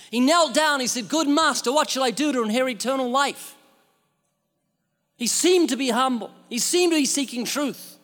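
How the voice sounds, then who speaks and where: High-voiced man preaching in a hall. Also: fairly bright tone. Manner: emphatic, uses rhetorical questions. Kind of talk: sermon.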